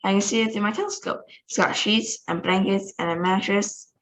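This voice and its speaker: A woman's voice: mid-range voice, steady tone, fairly quick, a bit bright, lightly acted. A woman reading aloud, voicing an eager, fawning male astronaut. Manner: deferential, gushing.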